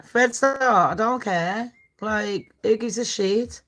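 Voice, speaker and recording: A foul-mouthed livestream host in her forties rants at her chat and squares up to commenters between true-crime segments. She speaks slowly at a medium pitch, with a slightly bright sound.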